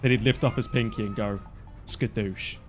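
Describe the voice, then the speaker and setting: A man in his twenties giving live, excitable commentary on his own gameplay as a streamer. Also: mid-range voice, fast talker, soft background music. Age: 20s. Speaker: gaming streamer.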